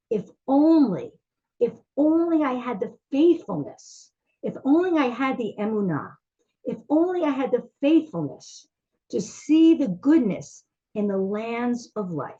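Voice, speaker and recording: A woman's voice: mid-range voice, dark tone, lo-fi sound. A woman teaching a class, talking in a heartfelt, searching way with many fillers and restarts.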